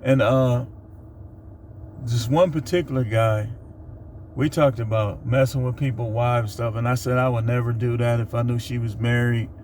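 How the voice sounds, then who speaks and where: A middle-aged man telling a funny work story in a casual, animated monologue. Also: medium pitch, moderate pace, slight background noise. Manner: animated, laughs while telling. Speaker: vlogger.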